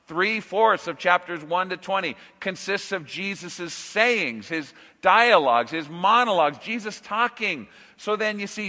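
A male pastor preaches in a slow, deliberate cadence, leaning into words with sudden swells and drops. His voice sits a little high and rings bright and forceful. The sound carries a long reverb from a large church hall. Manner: slow, emphatic preaching with dramatic pauses and swells. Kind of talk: sermon.

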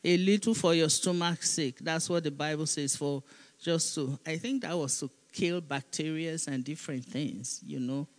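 A woman pastor preaching a sermon, reading scripture aloud and calling on the congregation to repeat after her. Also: low voice. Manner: reads scripture aloud, pausing for responses. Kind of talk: sermon with call-and-response.

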